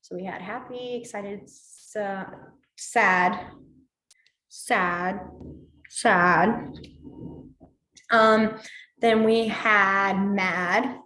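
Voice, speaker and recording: In an echoey library meeting room, a woman teaches a beginner sign language class, playfully voicing each emotion as she explains it. Her medium-pitched voice is steady, pushed and bright, and she speaks extremely slowly with frequent pauses.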